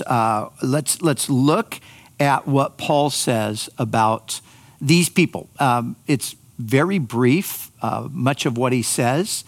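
A man preaching a sermon as a pastor, unhurried and often repeating words as he restarts. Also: medium pitch.

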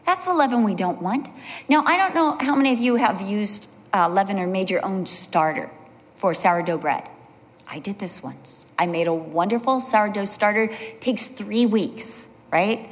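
Animated woman preacher in an echoing hall. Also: moderate pace. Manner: animated, acts out quoted voices with high sung exclamations. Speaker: Bible teacher. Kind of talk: sermon. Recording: long hall reverb.

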